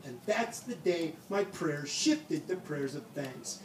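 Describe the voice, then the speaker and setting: A man's voice: fairly high pitch, expressive, unhurried. A man telling a personal story on stage with comic timing, acting out the dialogue. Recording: echoey room, heard from a distance, audible noise.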